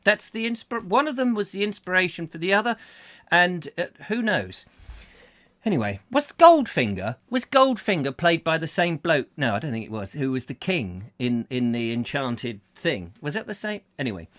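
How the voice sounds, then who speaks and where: A man's voice: fairly high pitch, very animated, moderate pace, fairly bright tone. A man hosting a casual show, rambling and reading out comments, often breaking into silly songs and voices. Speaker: host.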